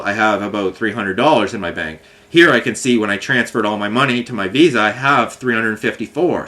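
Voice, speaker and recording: A man's voice: mid-range voice, fairly bright tone. Rambling frustrated man venting. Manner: rambling, frustrated, many fillers and restarts. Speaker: vlogger. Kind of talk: casual monologue recounting a complaint.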